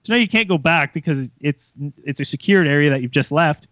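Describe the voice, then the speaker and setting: A young man co-hosting a podcast, telling a story in a lively, profane way and acting out the voices of others. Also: a little high, a little fast, no echo. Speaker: podcast co-host. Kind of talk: casual storytelling chat. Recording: muffled lo-fi sound.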